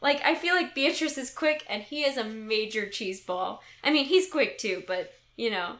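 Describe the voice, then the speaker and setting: A young woman with a high, bright voice talks in a lively, animated way as a podcast host. She laughs often and leaps into quoted lines, and the room around her is echoey. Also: normal speed. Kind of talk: casual chat retelling a play.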